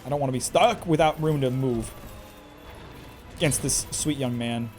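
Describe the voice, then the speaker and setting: A man's voice: medium pitch, moderate pace, darkish tone, faint music behind. A man commentating live on his own gameplay in a chatty way, talking to himself and to the enemy and exclaiming often. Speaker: game streamer.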